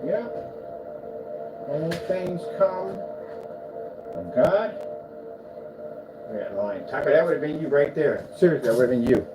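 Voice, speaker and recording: A man who owns a small projector screen business chats casually in a vlog from his indoor workshop full of boxes and a desk, preaching about faith before cooing playfully at his cat. His mid-range voice is very animated, moving at a moderate pace with frequent pauses. Music plays in the background, and the room is noisy.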